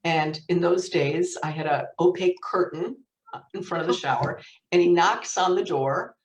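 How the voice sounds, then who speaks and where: A middle-aged woman author telling funny family stories as a guest, with a lively anecdotal manner and easy laughter. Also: fairly low pitch, moderate pace, lo-fi sound, slight background noise. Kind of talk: storytelling in conversation. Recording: roomy echo, distant mic.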